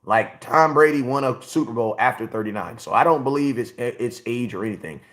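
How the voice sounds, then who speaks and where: A man's voice: medium pitch, a little fast, a bit bright. Man, 40, sports livestream host; blunt, repetitive, chatty with the audience. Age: 40s. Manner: blunt, repetitive, talks straight to chat. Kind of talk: casual livestream commentary.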